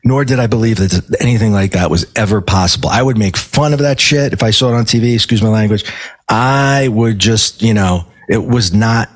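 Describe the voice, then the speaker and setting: A middle-aged man, a guest on a podcast, telling a personal story in a casual, animated way and acting out the dialogue. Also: lowish voice, a little fast. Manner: animated storyteller who acts out quoted dialogue and swears casually. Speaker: podcast guest, medium and life coach.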